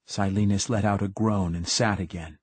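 A man narrating an audiobook with a measured, dramatic reading. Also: on the low side, fairly even intonation, breathy edge, dry recording. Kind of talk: scripted narration.

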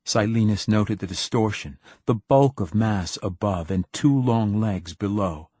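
A man narrating an audiobook with a measured, dramatic reading. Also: fairly low pitch, darkish tone, husky, dry recording. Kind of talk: scripted narration.

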